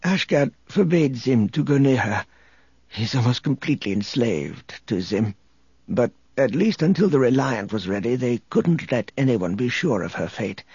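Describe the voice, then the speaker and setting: A man voicing a weary, remorseful older man who speaks in a hushed, confessional way. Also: mid-range voice, sing-song, normal speed, husky, no room sound, highs cut off. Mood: explaining. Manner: hushed, confessional, sinking to a whisper.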